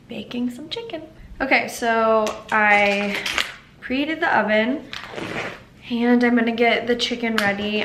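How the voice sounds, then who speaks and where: A woman's voice: fairly high pitch, fairly bright tone. A woman lifestyle vlogger chatting casually and rambling a little while she cooks dinner in her home kitchen. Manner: bubbly, rambling, restarts sentences. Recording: roomy kitchen echo, faint background hiss.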